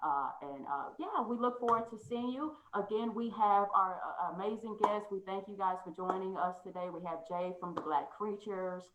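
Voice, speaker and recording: A woman hosting a casual chat, loose and joking, quick to laugh. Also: medium pitch, a bit bright, dull audio, slight background noise. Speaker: host. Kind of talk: casual video call chat. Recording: echoey room.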